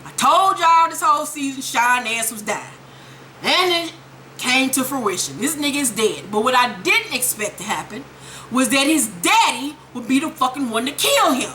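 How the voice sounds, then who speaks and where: A woman giving a casual, profane, animated recap of a TV episode. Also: high voice, normal speed, slight background noise. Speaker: TV recap vlogger.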